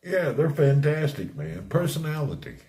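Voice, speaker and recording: A man's voice: medium pitch, lively intonation, measured pace, a little mellow. A man chatting casually on a live stream, laughing often and answering viewers' comments. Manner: laid-back, laughs often, chats with viewers. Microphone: streaming setup. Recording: roomy echo.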